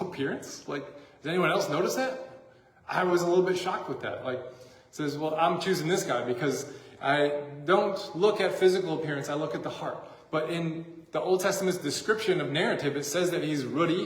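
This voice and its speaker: A man preaching a sermon as a pastor, in a casual, joking, conversational way, recorded in a church sanctuary. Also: a little high. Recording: echoey church hall.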